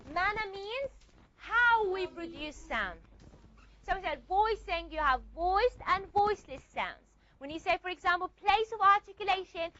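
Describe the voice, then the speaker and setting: A woman lectures a classroom on phonetics, repeating key points and stopping often to ask whether students are following. Her voice sits very high and sounds bright and sharp, moving up and down with energy. The recording is a little dull, with faint noise behind her. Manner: repeats points and checks understanding with questions. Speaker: phonetics teacher.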